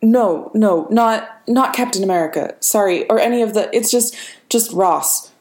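A woman's voice: medium pitch, moderate pace, a little mellow, roomy sound, pitched above the performer's own voice, close to an everyday voice. A woman voicing a panicked, jittery teenage boy who stammers as he talks. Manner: frantic, stammering.

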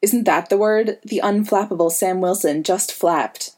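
A woman reading the part of a sleepy, dry-witted young woman who talks calmly. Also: mid-range voice, a little slow, natural voice. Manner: dry, calm.

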